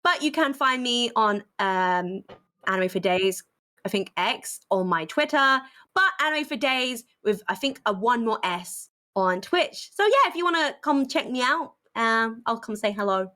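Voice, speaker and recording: British woman, podcast co-host, casual chat, bright tense tone, slightly high voice, playful. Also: expressive, measured pace. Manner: chatty, playful, bubbly.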